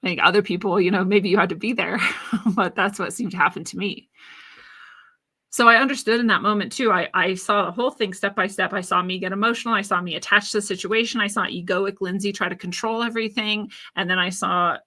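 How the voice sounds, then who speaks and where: A woman's voice: medium pitch, fairly even intonation, a little fast, bright, forceful tone. A woman podcast host telling a personal story in an earnest, reflective monologue about spirituality.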